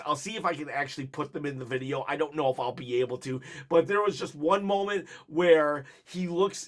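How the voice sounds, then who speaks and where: High-voiced man in excitable casual chatter. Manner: animated and excitable, many fillers, laughs often. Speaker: wrestling vlog host. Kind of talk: casual commentary.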